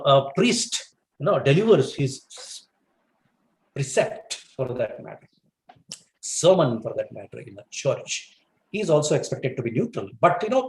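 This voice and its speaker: A man lectures to a webinar audience in a mid-range voice. His delivery is animated, with wide swings in pitch and frequent fillers. The room around him rings with noticeable echo. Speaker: guest speaker on English communication.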